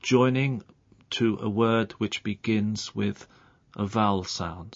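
Careful low-voiced male language expert. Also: no room sound. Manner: clear, careful, demonstrates sounds slowly. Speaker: pronunciation expert guest. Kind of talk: explaining pronunciation on radio. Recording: dull lo-fi broadcast audio.

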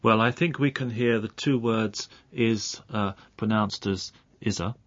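A man explaining English pronunciation as a radio guest, speaking clearly and carefully and saying example sounds out slowly. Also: on the low side, steady tone, fairly bright tone, no echo. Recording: dull lo-fi broadcast audio.

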